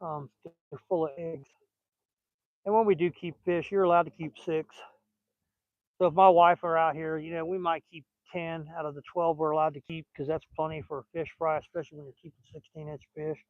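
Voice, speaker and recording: Older Southern guy, higher voice, dry and dull sound, easygoing rambling fishing vlogger. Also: little pitch movement, a little fast, no room sound. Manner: folksy and rambling, chatting while fishing. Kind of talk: casual outdoor chat. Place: outdoors by a lake.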